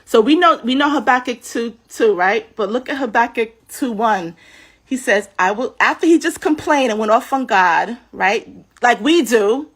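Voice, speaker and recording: A woman giving a casual scripture teaching on a livestream, chatty and animated, often saying "like", talking into a computer webcam mic. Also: fairly high pitch, normal speed, husky. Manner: chatty and animated, many "like"s, laughs. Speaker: spiritual teacher.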